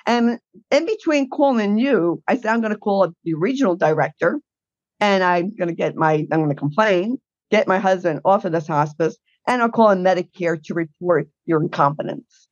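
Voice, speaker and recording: A woman's voice: on the low side, normal speed, dry recording, muffled recording. A woman guest telling her caregiving story in a blunt, indignant way. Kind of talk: emotional personal account.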